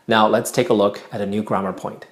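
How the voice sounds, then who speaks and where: A man opening and closing a language lesson with a brisk, friendly welcome and sign-off. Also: lowish voice, flat delivery. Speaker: Mandarin teacher. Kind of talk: lesson intro and outro. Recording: echoey room.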